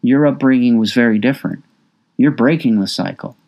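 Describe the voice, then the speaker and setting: Calm, reassuring female therapist, as a man reads her. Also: mid-range voice, creaky, close to an everyday voice. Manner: measured, reassuring.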